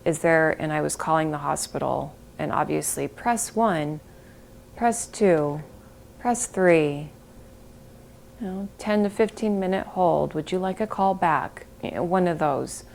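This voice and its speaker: A middle-aged woman recalls painful events in an interview, her voice low and gravelly. She speaks slowly and haltingly, breaking off mid-phrase and at times sinking to a whisper. A faint hiss sits under the recording. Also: darkish tone. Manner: halting, breaks off and restarts, sometimes drops to a whisper. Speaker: interviewee, bereaved mother. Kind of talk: emotional interview recollection.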